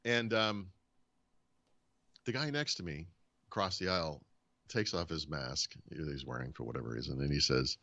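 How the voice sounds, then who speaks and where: Deep-voiced man telling a lively story. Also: moderate pace, pauses often, muffled recording. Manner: animated storyteller, acts out quoted dialogue. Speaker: podcast host. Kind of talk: casual chat, storytelling.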